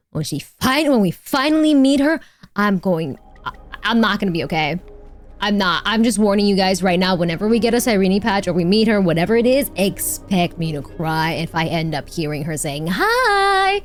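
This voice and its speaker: A woman's voice: mid-range voice, lively intonation, moderate pace, soft background music. A woman streaming a game, reacting casually and emotionally, gushing and swearing freely as she talks to her chat.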